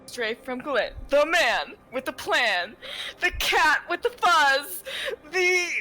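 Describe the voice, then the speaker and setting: A woman playing a tabletop role-playing game, giving an in-character promotional pitch with a showy, exclaiming delivery. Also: lively intonation, slow pace, pushed and bright, rough recording. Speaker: player.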